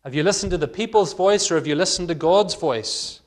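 Earnest preacher man, slightly high voice. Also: a little fast. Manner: earnest expository preaching, acts out quoted dialogue with rising emphasis. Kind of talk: sermon.

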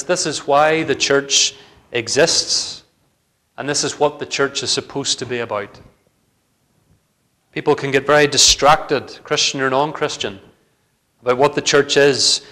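A man's voice: medium pitch, fairly bright tone. A man preaching a sermon in a church, earnest and building to fervent emphasis.

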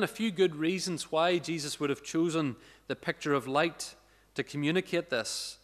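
A man preaching from the pulpit, his voice sitting a little high for a man. He delivers his sermon earnestly, slowing down and rising to drive home his points. The sound carries a long reverb from the church around him. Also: a bit bright. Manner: earnest preaching, slows and rises for emphasis. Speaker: pastor. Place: church sanctuary.

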